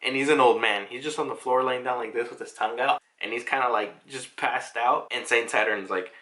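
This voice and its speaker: A man's voice: mid-range voice, a little fast, hardly any pauses, bright, forceful tone. A young man casually recapping a comic chapter, chatty and laughing, with frequent swearing. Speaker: manga reaction youtuber.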